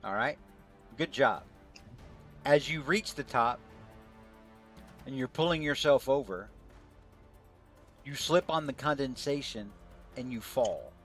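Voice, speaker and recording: A man in a mid-range voice narrates a tabletop adventure as its game master. He explains dice results and describes the scene in a plain, even manner over faint background music. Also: medium pitch, takes it slowly, long pauses.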